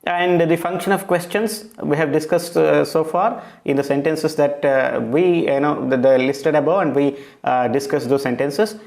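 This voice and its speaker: A man's voice: fairly high pitch, moderate pace, gravelly, few pauses, a little mellow. A man with an Indian English accent teaching a recorded lecture on grammar, explaining patiently and often checking with "right?". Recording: echoey room.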